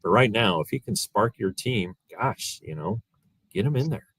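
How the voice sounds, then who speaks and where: Deep-voiced man rambling about baseball. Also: lively intonation, moderate pace, fairly bright tone, breathy edge, dry recording. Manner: rambling, many fillers and restarts. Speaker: guest analyst. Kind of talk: casual sports podcast chat.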